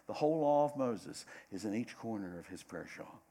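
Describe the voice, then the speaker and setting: A middle-aged man preaching a sermon, dramatic, swinging between loud bursts and hushed asides. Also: medium pitch, expressive, moderate pace, creaky, hardly any pauses.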